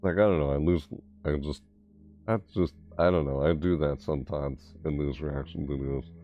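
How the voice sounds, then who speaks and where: Very deep-voiced rambling male streamer. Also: steady tone, normal speed, lo-fi sound. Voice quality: deep voice from low in the throat. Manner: rambling, self-interrupting, musing aloud. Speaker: streamer reacting to game news. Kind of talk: casual live-stream chat.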